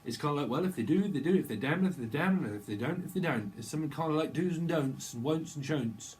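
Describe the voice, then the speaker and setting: A man's voice: fairly high pitch, expressive, fast, darkish tone. A middle-aged man doing a casual, rambling tarot channeling monologue. He jumps playfully from word to word and laughs often. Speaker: tarot reader.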